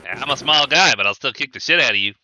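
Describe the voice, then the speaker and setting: A man's voice: medium pitch, expressive, quick pace, bright, forceful tone, a little hiss or hum, voice pushed up, poor audio. A man voicing a small, menacing male goblin barkeep who blusters and threatens. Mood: blustering.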